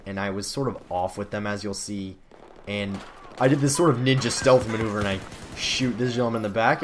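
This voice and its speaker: This teenage gaming commentator has a lowish voice and rambles casually, poking fun at himself as he plays. The recording has a little hiss or hum, and video game gunfire booms loudly behind him.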